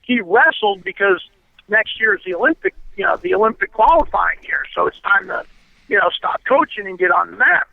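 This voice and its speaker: Man, interview guest, gravelly voice, cursing and emphatic, tinny phone sound. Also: high-pitched, big pitch swings, brisk, dry recording. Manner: blunt, profane, emphatic storyteller. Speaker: interview guest, former pro wrestler. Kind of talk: casual storytelling interview. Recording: tinny dry phone line.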